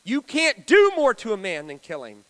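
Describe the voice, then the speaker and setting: A man preaching a storytelling sermon, talking to the audience in a conversational way with dramatic swings between loud and soft. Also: high voice, huge pitch swings, moderate pace. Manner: conversational, asks the audience questions.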